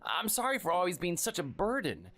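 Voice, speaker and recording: A man's voice: wildly swooping pitch, fairly quick, vocal fry, fairly bright tone, full character voice. A man playing a timid, sickly husband in his thirties who is meek and apologetic. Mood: pleading. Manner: meek and apologetic, raised pitch. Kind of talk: dramatized story dialogue and first-person narration.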